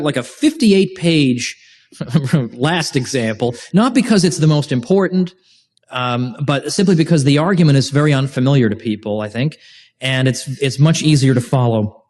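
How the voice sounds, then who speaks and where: A man's voice: on the high side, a little mellow. A man giving an informal lecture to a class as host, speaking with animation, making joking asides and often restarting his sentences. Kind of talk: informal university-style lecture. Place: lecture room with a live class.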